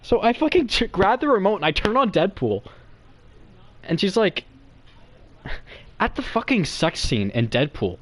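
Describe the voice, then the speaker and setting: A young man telling a comic story to friends in a rambling, profane, excitable way. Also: high-pitched, moderate pace, long pauses, no echo.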